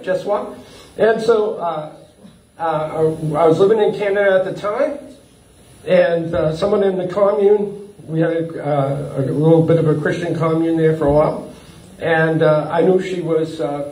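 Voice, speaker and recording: A man preaching a sermon as a pastor, animated, chuckling often and breaking up his sentences with uh and repeats. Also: on the high side. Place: church hall. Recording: echoey hall, from far off.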